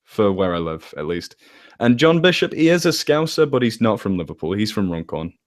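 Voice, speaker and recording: A man from England with a northwest English accent chats casually as an interview guest, telling stories, rambling a little and correcting himself along the way. His voice is fairly low, sing-song and fairly quick.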